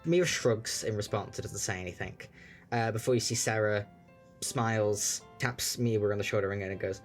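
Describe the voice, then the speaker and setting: A man narrating as game master of a tabletop game, relaxed and descriptive. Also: on the low side, normal speed, faint music behind.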